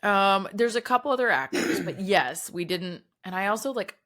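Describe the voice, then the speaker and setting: A woman, co-hosting a podcast in casual, animated chat and often saying "y'all". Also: mid-range voice, moderate pace. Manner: chatty, animated, says "y'all". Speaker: podcast co-host.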